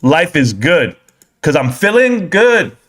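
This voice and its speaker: Speaking slowly, a young man runs a laid-back stock stream and reads viewers' chat out loud. He jokes and curses, veering from excited yelling to quiet muttering.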